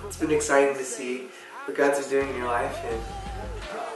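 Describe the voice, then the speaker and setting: A man's voice: medium pitch, level tone, brisk. Hesitant young man, echoey and distant. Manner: rambling, hesitant, trailing off. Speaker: interviewer and friend giving a birthday tribute. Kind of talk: casual birthday video message. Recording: very echoey room, far from the mic, music playing.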